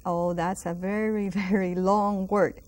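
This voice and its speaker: A woman teaching a televised lesson, patiently repeating each word slowly and inviting viewers to say it with her. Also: medium pitch, little pitch movement, a little mellow. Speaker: Spanish teacher. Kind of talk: slow televised language lesson.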